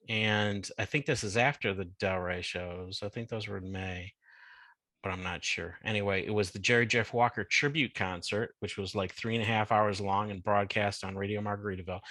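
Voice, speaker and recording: A man's voice: lowish voice, pushed and bright, no echo. A male podcast host giving a chatty, casual recap with many fillers.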